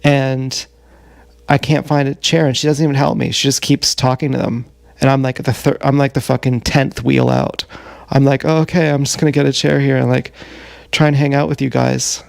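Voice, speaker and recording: A man livestreams a rambling confessional story in a gravelly, creaky voice at an ordinary pitch. He talks bluntly and profanely, stalling often on fillers. He is recorded on an action camera. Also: level tone, moderate pace, a little mellow, no room sound.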